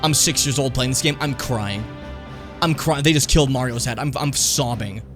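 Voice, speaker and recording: A man's voice: medium pitch, moderate pace, music in the background. A young man streaming a video game, rambling casually and swearing often. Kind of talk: let's play commentary.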